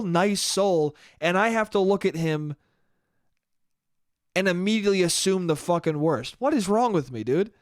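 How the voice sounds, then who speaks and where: A man's voice: high-pitched, no echo, studio quality. A young man hosting a solo podcast, rambling in a profane, self-mocking way. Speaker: podcast host. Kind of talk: solo comedic monologue.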